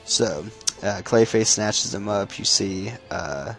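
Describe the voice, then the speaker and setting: Gravelly low-voiced man recapping a comic. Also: a bit bright, faint music behind. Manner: casual, swears freely, halting restarts. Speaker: comic book recap YouTuber. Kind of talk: casual spoken comic recap.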